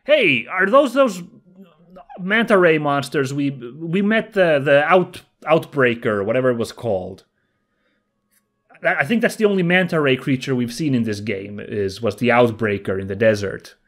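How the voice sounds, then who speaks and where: A man's voice: medium pitch, lively intonation, normal speed, fairly bright tone. A man casually commenting while playing through a video game, rambling and joking as he goes. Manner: chatty, rambling, jokey. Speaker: let's play host.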